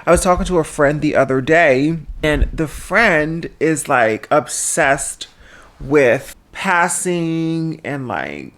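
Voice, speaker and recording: A transgender woman vlogging casually at home into a small microphone, chatty and animated, with a habit of talking loudly. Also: low-pitched, slow. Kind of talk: casual vlog chat. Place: indoors at home. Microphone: small microphone on a handheld tripod.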